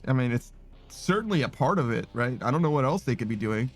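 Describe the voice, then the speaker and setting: A man's voice: mid-range voice, lively intonation, fast. A man streaming a game, chatting casually and laughing often while reading out chat messages. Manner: laid-back, rambling, laughs often.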